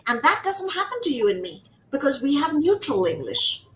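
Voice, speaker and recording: A middle-aged American woman, a communication trainer, speaks emphatically in a conversational interview, repeating words and acting out quoted speech. Her voice is high-pitched, very animated, brisk and a bit bright. The audio is poor, with a little hiss or hum.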